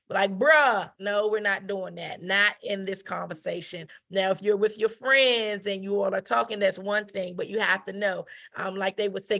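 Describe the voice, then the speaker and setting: A woman's voice: mid-range voice, a bit bright. A woman giving a conversational etiquette lesson. She repeats her key points, checks in with "right?", and briefly acts out the people she quotes. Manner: emphatic, repeats key phrases, asks "right?". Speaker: etiquette educator. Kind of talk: conversational teaching talk.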